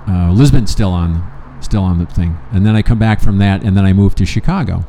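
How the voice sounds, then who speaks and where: Gravelly-toned, profane older man telling stories. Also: low voice, brisk, warm tone, a little hiss or hum. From Michigan. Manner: profane, rambling storyteller acting out both sides of conversations. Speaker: storyteller in a casual conversation. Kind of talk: casual chat.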